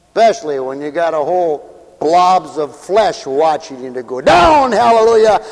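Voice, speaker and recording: A man's voice: a little high, big pitch swings, measured pace. A man preaching a fervent sermon, calling out hallelujah and glory between points and laughing often. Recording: reverberant hall.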